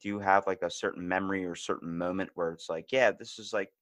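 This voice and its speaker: A man hosting a podcast in casual chat, animated and acting out the voices of people he quotes. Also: low-pitched, fast talker, dry recording. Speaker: podcast host.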